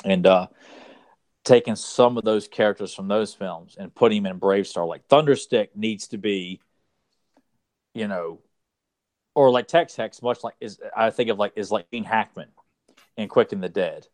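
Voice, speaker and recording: A man's voice: on the low side, moderate pace, long pauses, a little mellow, no echo, clean studio sound. A man co-hosting a podcast, chatting casually and enthusiastically about an old cartoon in a rambling way. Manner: enthusiastic, rambling fan talk. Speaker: podcast co-host.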